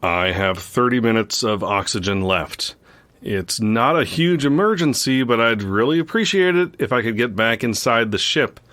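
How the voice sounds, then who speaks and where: A man playing a stranded astronaut who stays calm and deadpan, making requests in an understated way. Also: medium pitch, normal speed, lightly acted. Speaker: podcast host.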